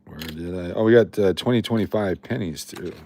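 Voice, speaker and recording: A man's voice: low-pitched, a little fast, warm tone, a little hiss or hum. A middle-aged man from Las Vegas hosting a casual coin live stream, chatting and reading viewer comments aloud. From Las Vegas, Nevada. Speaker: livestream host running coin giveaways.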